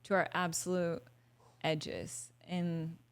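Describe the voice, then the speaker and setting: Candid woman, casual and animated. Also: on the low side, slow pace, clear, resonant tone. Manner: candid and animated, swears, acts out her own thoughts. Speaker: podcast guest, hypnotherapy practitioner. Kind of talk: casual podcast conversation.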